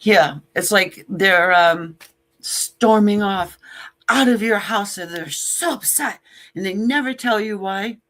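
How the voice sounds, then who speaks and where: A woman's voice: mid-range voice, slow, fairly bright tone. A woman giving a casual tarot reading to camera, blunt and joking, with sassy asides and casual swearing. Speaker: tarot reader.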